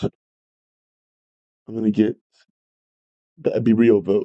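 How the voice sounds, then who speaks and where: A man's voice: medium pitch, normal speed, pauses often, mellow, rough recording. A man teaching a live maths revision lesson, greeting viewers and apologising often as he works through problems. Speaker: maths tutor.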